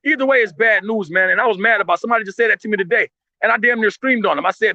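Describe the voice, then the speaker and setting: A man holds forth in impassioned street commentary, blunt and full of profanity, tripping over restarts as he pushes his point. His voice sits very high and bright, and he talks quickly. The sound is dry and dull, lo-fi. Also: no echo.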